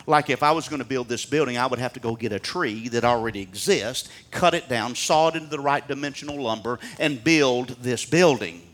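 A man preaching a sermon in a church, folksy and fervent, rising to near-shouts and dropping to hushed asides. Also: mid-range voice, brisk, few pauses. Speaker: pastor.

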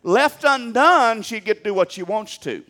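An older man, preaching a sermon as pastor in a folksy, animated way with humor. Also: high voice, moderate pace.

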